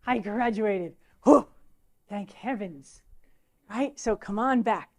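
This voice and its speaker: A middle-aged woman, a teacher giving a lecture full of lively anecdotes and excited asides. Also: mid-range voice, slow pace. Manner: animated storytelling, excitable asides.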